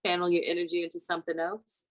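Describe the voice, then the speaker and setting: A woman's voice: on the low side, completely flat delivery, fast talker, no room sound. A woman co-hosting a podcast in casual banter, teasing and laughing often. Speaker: podcast co-host.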